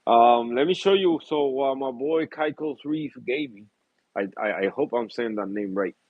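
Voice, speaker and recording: A man's voice: medium pitch, normal speed, no echo, narrow, tinny audio. A man in a casual, rambling vlog about his reef tanks, full of fillers, easy laughs and repeated apologies. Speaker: reef tank hobbyist vlogger. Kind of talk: casual chat.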